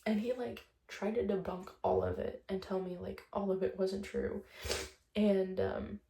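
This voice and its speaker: A woman's voice: medium pitch, steady tone, a little slow, creaky, mellow, roomy sound. A young woman vlogger telling a breakup story in a chatty, casual monologue, swearing often and retelling conversations line by line.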